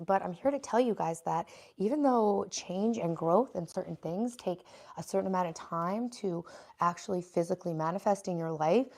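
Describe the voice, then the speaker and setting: A woman talking to her livestream audience in an easy, chatty way. She reads viewer comments aloud and answers them as she goes. Her voice sits at an ordinary middle pitch. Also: darkish tone. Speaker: livestream host. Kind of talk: casual livestream chat.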